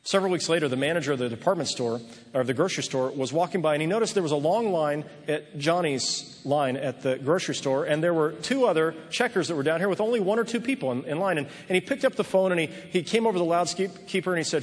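A man delivers a sermon in a husky, slightly high voice. He tells his story earnestly, often restarting his phrases. His words ring out with a long reverb through a large church hall. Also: lively intonation, quick pace. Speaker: pastor.

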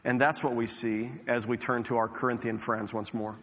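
A man preaches in a large church sanctuary, earnest and conversational, stumbling and restarting phrases as he goes. His voice sits at a middle pitch, and a long hall reverb trails each line. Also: level tone, normal speed, crowd noise. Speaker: pastor. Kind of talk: sermon.

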